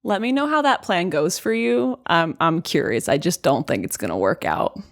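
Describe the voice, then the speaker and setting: A woman's voice: fairly low pitch, sing-song, moderate pace. A woman co-hosting a casual podcast, teasing her friends in a wry, dry way. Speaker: podcast co-host. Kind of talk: casual chat.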